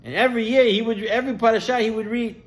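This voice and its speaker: A man's voice: very high-pitched, fairly even intonation, fast talker. A man, a rabbi, telling stories in a sermon, his voice rising and falling with the tale. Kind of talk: sermon storytelling.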